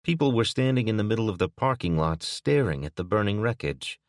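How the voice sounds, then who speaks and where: A man narrating an audiobook in a steady, even manner. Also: fairly low pitch, brisk, no room sound, clean studio sound. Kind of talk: scripted narration.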